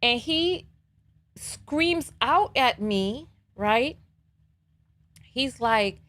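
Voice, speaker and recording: Higher-voiced woman hosting a call-in show. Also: drawn-out words, pauses often. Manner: chatty, leans on "you know" and "right?"; animated storytelling. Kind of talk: casual live call-in talk.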